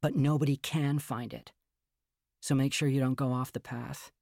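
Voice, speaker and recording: A man reading the part of a fragile, anxious young woman in a storybook reading, earnest and quietly pleading. The voice has a gravelly, fry-edged grain at a middling pitch. The sound is dry and close, with no room around it. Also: fairly even intonation, normal speed, no room sound. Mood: eerie. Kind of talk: audiobook character reading.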